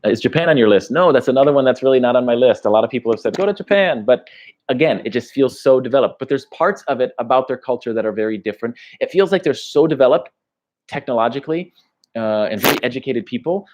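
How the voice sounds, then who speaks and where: A man's voice: medium pitch, fast, darkish tone. An American man, a travel vlogger, chatting casually on a livestream as he reads viewer comments, rambling and laughing between thoughts. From United States.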